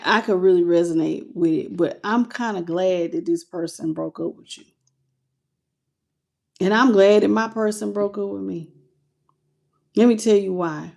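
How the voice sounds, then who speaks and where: A woman with a fairly low, slightly mellow voice and some vocal fry gives a casual tarot reading to camera. She addresses her viewers directly in loose slang and seems moved by what the cards show.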